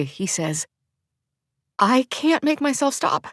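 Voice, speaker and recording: A woman reading a first-person audiobook, heartfelt and emotional, her voice climbing in pitch as feelings swell. The sound is dry and close, with no room echo around her. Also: expressive, measured pace. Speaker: audiobook narrator.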